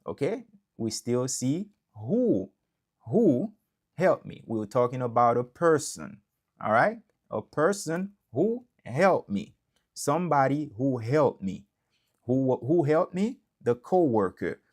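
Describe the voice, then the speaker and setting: A man with a Haitian accent teaching English in a live online lesson, mixing Creole and English and repeating each example sentence slowly. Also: mid-range voice, big pitch swings.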